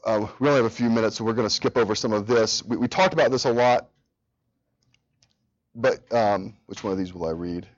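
A man's voice: lowish voice, fairly quick. A man in his thirties leading a church Bible study, earnest and repeating phrases for emphasis. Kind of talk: teaching a church study group. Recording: dull lo-fi recording.

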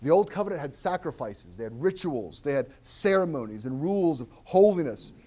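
A man delivers a sermon to his congregation in a fairly high, lively voice that swings widely in pitch. He talks animatedly, repeating words and restarting phrases as he explains the text. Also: brisk. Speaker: pastor.

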